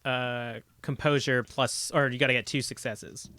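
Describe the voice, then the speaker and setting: Bright-voiced man playing a tabletop game. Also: medium pitch, steady tone, normal speed. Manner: laughing often, hesitant with fillers. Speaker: player. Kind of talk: casual tabletop game chat.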